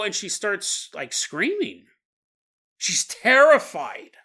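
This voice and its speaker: A man's voice: high voice, very animated, moderate pace, pushed and bright. A man hosting a podcast, telling a spooky story in a casual way with chuckling asides. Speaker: podcast host. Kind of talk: storytelling narration.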